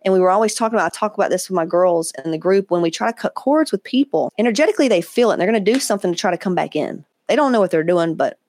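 A woman podcast host, telling personal stories in a candid, profane, animated way. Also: on the low side, rapid-fire, few pauses. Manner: candid, profane, animated, quoting others in asides. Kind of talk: casual storytelling monologue.

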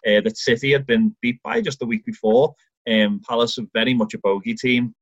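Irish male podcast co-host, lively storyteller, dull lo-fi recording. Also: medium pitch, brisk, no echo. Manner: enthusiastic, animated storytelling with acted-out quotes. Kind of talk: casual football chat.

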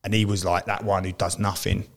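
A British man, a former footballer co-hosting a podcast, chatting casually and telling lively anecdotes about old teammates. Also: low voice, a little fast, creaky. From Britain. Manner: animated storyteller who acts out teammates' lines.

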